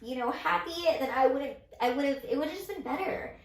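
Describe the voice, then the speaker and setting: A woman's voice: high-pitched, normal speed. Emotional young woman in an echoey room. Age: 20s. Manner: emotional, tearful storytelling with many fillers. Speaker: co-host. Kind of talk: casual chat. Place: indoors, getting ready with makeup.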